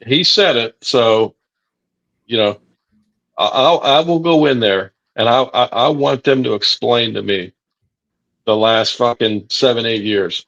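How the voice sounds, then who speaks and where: A man's voice: mid-range voice, a bit bright. A man co-hosts a sports podcast, indignant and profane, often repeating himself as he talks. His audio sounds dull and lo-fi. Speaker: podcast co-host. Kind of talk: live sports podcast chat.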